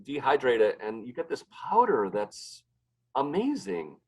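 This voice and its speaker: Guy who runs a pizza shop, chatty guest, tells stories with lots of energy, average pitch. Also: unhurried, breathy edge, low-quality recording. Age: adult, married. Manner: animated storyteller, acts out what others said. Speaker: pizzeria owner, podcast guest. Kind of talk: casual interview chat.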